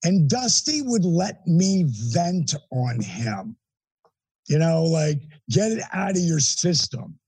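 A middle-aged man, an interview guest, telling a personal story in an animated, emphatic way with blunt language. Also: a little high, takes it slowly, gravelly, husky, no echo, low-quality recording.

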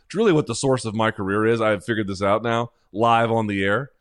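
Man, podcast host, lowish voice, casual comedic chat, rambling, sarcastic. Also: quick pace. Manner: sarcastic, rambling, self-deprecating.

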